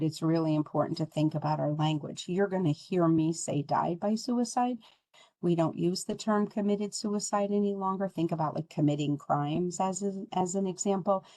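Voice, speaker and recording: A woman's voice: low-pitched, darkish tone, dry recording, rough recording. A woman leading a training webinar, talking in an earnest, conversational way with frequent ums. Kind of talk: webinar presentation.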